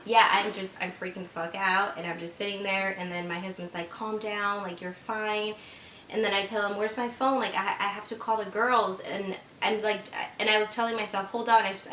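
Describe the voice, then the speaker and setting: A young woman talks straight to her viewers, rushing through an emotional story with lots of likes and false starts. Her voice sits at a middle pitch. The room is echoey, with a faint rumble underneath. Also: a bit bright. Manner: emotional, fast-flowing retelling with many likes and restarts. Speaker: vlogger. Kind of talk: casual storytelling to camera.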